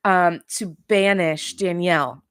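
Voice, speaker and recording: Woman host, casual pop culture recap, opinionated and chatty, lower voice, dry close recording. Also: slow pace, smooth, no room sound. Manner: chatty and opinionated, talks straight to viewers.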